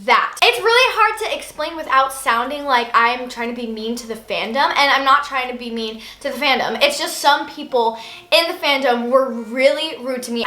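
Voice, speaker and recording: Chatty young woman vlogger, high bright voice. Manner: chatty, nervous, lots of fillers. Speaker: channel host. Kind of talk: casual chat vlog. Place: indoors at home. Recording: echoey room.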